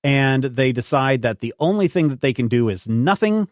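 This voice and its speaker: A man's voice: mid-range voice, animated, moderate pace. A man in a mid-range voice, chatting casually as a podcast co-host. He recaps the plot jokingly, with plenty of fillers. The sound is dry and close, with no room echo. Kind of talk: casual comic-book chat.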